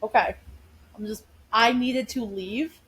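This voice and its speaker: Chatty higher-voiced woman telling stories. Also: slow pace, rough recording. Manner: animated, chatty, laughs while telling stories. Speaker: podcast co-host. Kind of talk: casual chat, storytelling. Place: home living room.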